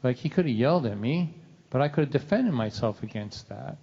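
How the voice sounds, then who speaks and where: A man's voice: mid-range voice, animated, fairly quick, gravelly, warm tone, slightly rough. A middle-aged man telling a comic story live, wry and self-mocking. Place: church hall venue. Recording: dull sound with long hall reverb.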